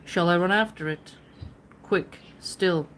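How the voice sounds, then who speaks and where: A woman reading as an old sage musing slowly. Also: on the low side, a bit bright, a little hiss or hum. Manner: slow, measured reading aloud. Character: old male sage musing aloud to himself.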